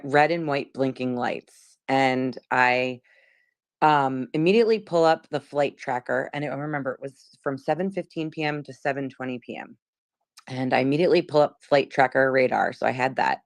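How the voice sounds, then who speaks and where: A woman's voice: very deep voice, dry recording. A woman in her forties from South Jersey, casually recounting what she saw, chatty and rambling with many fillers. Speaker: witness.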